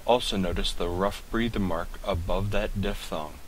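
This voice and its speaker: Male language tutor, very low voice, unhurried and precise, faint hiss on the recording. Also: rough recording. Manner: slow, deliberate, sounding out words syllable by syllable. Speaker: Greek tutor. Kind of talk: recorded pronunciation lesson.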